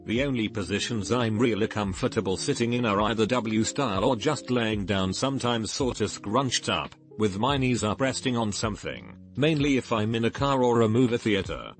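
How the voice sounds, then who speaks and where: Low-voiced man reading online posts. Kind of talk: scripted narration.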